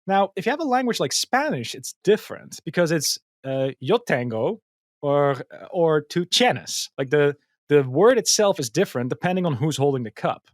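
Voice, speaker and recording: A man's voice: fairly high pitch, big pitch swings, a little fast, no echo, studio quality. A man in a casual podcast conversation, explaining ideas thoughtfully with many ums, likes and restarts. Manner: hesitant, many fillers and restarts. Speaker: guest, machine learning engineer.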